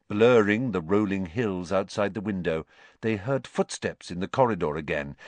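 A man narrating a storybook in an expressive, dramatic way. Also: fairly low pitch, no room sound. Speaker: audiobook reader.

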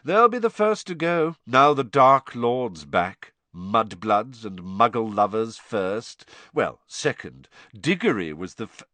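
A man's voice: mid-range voice, very animated, slow pace, hardly any pauses, sharp tone, no room sound, full character voice. A man voicing an arrogant teenage boy bully with a contemptuous, drawling manner. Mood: sneering.

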